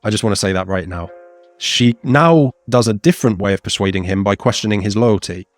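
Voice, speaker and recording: Teaching an informal revision session for an exam, a thirtysomething man is chatty and lively, putting on playful voices for the quotations. He talks briskly in a fairly low voice, with faint music in the background.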